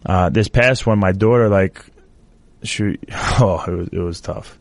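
Guest fighter, male, lowish voice, halting and emotional, dry sound. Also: creaky, no echo. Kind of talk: casual interview talk.

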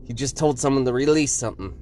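A man voicing a frightened soldier who speaks hushed and shaky in an audio story. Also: medium pitch, quick pace, a little hiss or hum, close to an everyday voice. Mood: shaken. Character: frightened young male soldier.

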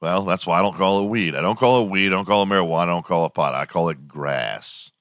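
Man, 50s, very low voice, dry close sound, casual podcast monologue, profane and joking. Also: quick pace, a bit bright, no room sound. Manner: rambling, profane, joking, slips into silly impressions. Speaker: podcast host.

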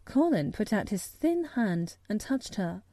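A woman narrating a classic novel as an audiobook, in calm, measured storytelling close to the mic. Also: mid-range voice, no room sound.

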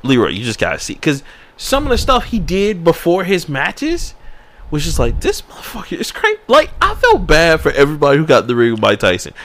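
A man co-hosting a podcast in casual chat, excitable and swinging from low mutters to high yelps. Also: fairly quick. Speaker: podcast co-host.

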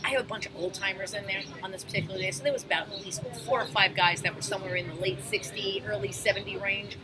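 A new bartender from Astoria, Queens, New York, guesting in a casual conversation, tells animated stories in a lively, blunt, profane way, even acting out shouting. Her voice is mid-range and medium in pitch, and she talks fast. The recording was made outdoors at a street-side table, with traffic noise clearly audible.

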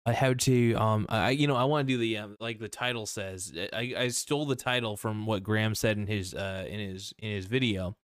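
A man's voice: lowish voice, fairly even intonation, moderate pace, hardly any pauses, clear, resonant tone, dry recording, studio quality. A man giving casual reaction commentary in a blunt, rambling way, swearing freely and restarting his sentences.

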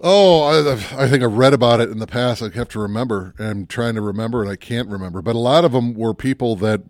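He's a podcast co-host on an easygoing movie chat show, speaking fairly quickly at medium pitch with a slightly mellow quality. He muses aloud in a rambling way, often stopping mid-thought, and there's no room sound.

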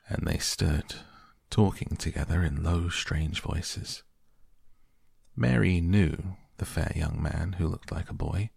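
Male sleep-story narrator, deep husky voice, very slow, dry close sound. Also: dry recording. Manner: slow, hushed and unhurried. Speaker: audiobook narrator. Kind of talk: soft bedtime story reading.

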